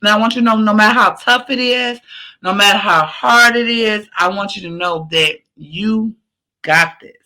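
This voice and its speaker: A woman's voice: medium pitch, moderate pace, sharp tone, rough recording. A woman hosting a podcast, giving a repetitive, emphatic pep talk in a casual, slangy, sometimes profane way. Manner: emphatic, repetitive, preachy encouragement. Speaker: podcast host. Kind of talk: motivational podcast sign-off.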